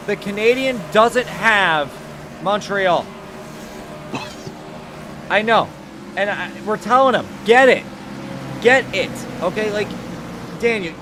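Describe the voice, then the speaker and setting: A man doing casual race commentary, swearing freely and getting loud for the action. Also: sits high. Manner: loose, swearing, rising to excited calls. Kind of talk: casual sim-racing commentary. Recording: noisy background.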